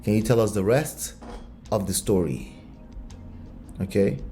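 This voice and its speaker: A man commenting on a relationship video, animated and full of rhetorical questions. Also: on the low side, unhurried, slight background noise. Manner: animated, rhetorical questions, slips into acted voices. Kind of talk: reaction commentary.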